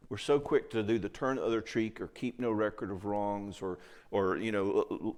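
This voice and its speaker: A man's voice: fairly low pitch, a little mellow. A middle-aged man giving a conference talk on marriage in a conversational way. He keeps checking in with the audience as he speaks. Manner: conversational, acts out quoted voices, frequent check-ins.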